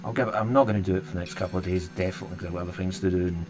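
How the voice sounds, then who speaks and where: A Scottish streamer talks very fast in a deep, steady voice while music plays behind him. He chats casually with his viewers, rambling and hesitant, with many restarts.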